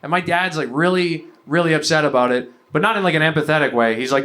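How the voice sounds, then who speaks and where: A man's voice: fairly high pitch, fast, hardly any pauses, very noisy. A young man from Canada doing a stand-up comedy set on stage, ranting profanely with lots of fillers. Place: comedy venue stage before a live audience.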